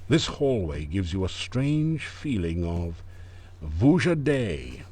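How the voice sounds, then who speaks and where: A man's voice: low voice, big pitch swings, takes it slowly, a little mellow, breathy edge, heavily acted. A man voicing the dry, punning narrator of an adventure game, delivering scripted narration with mock gravity. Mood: wry.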